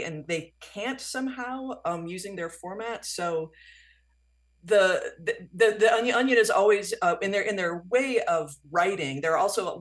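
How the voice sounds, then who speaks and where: Talkative woman guest explaining at length. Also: on the low side. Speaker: author and guest. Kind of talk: radio interview answers.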